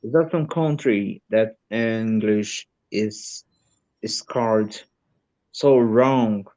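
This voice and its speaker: A Brazilian man, Portuguese his first language, speaking English slowly as a student in an online lesson. He hesitates and restarts while he searches for words. His voice comes through a slightly dull, lo-fi line. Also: on the low side, a little mellow. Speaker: English learner.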